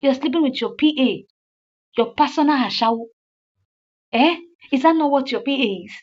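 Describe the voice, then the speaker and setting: A woman voicing a furious betrayed wife who scolds her cheating husband in a high, loud, shrill voice. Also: very animated, unhurried, muffled recording. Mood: scornful.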